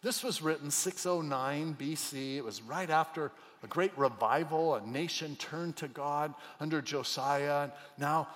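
A man preaching a sermon as pastor, swinging from loud cries to near whispers. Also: fairly high pitch, measured pace, few pauses, in a large hall. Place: church auditorium.

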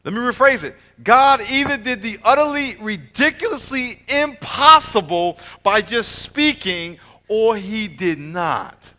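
A man teaching a Bible lesson in a lively sermon style, joking and swinging between loud and quiet. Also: measured pace. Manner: animated, jokey, swings from loud to low.

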